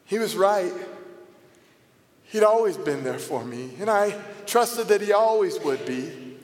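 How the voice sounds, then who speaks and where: A man with a high-pitched voice delivers a dramatic first-person biblical monologue at an unhurried pace. His manner is theatrical, moving between sarcasm and quiet reflection. The sound is roomy, with a long reverb from a large hall. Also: expressive.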